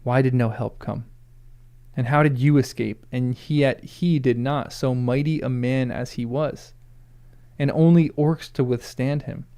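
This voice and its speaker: A man reading a cold, suspicious old lord's lines aloud in his own gravelly voice, slow and measured. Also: mid-range voice, fairly even intonation, dark tone, lightly acted. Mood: probing. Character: stern old male lord, cold and suspicious.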